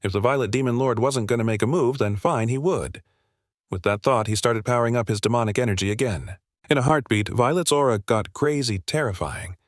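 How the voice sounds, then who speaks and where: A man's voice: medium pitch, fairly quick, no echo, studio quality. A man narrating a comic recap in a casual, slangy, breezy way.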